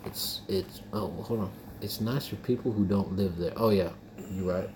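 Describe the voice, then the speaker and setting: A man's voice: sits low, normal speed, crowd noise. A man co-hosting a casual livestream, bantering with profanity and reading viewer comments aloud. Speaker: co-host.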